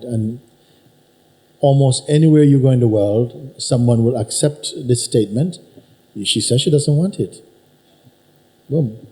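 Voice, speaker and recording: Man, spiritual teacher, warm mellow tone, unhurried, emphatic, keeps asking questions. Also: medium pitch, rough recording. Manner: probing, repeats questions to the listener. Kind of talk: satsang teaching talk. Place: teaching hall with an audience.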